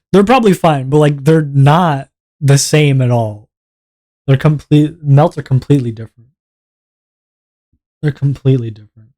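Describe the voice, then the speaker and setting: A man's voice: medium pitch, measured pace, long pauses, mellow. A young man from Canada, a streamer ranting casually and with exasperation, swearing and laughing as he talks. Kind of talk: casual livestream rant.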